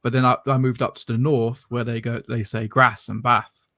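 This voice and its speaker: A man's voice: mid-range voice, little pitch movement, fairly quick, no room sound, clean studio sound. A man from southern England with a mixed English regional accent, talking in a rambling, self-correcting way as a podcast co-host. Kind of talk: casual chat.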